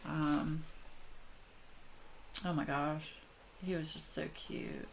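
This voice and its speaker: A woman's voice: sits low, gravelly, a bit bright, slight background noise. A woman in her forties chatting casually and gushingly to her viewers while she colors. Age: 40s. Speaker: coloring channel host.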